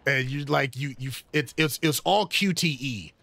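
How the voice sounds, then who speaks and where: A man's voice: mid-range voice, moderate pace, gravelly, sharp tone, dry recording. A man streaming a game live, chatting casually in a rambling, sidetracked way with many fillers. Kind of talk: casual gaming chat. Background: game music.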